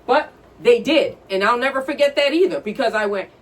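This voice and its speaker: A woman's voice: fairly high pitch, lively intonation, fairly quick. A woman co-hosting a podcast, telling stories in a blunt, profane, ranting casual chat. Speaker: podcast co-host. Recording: distant from the mic.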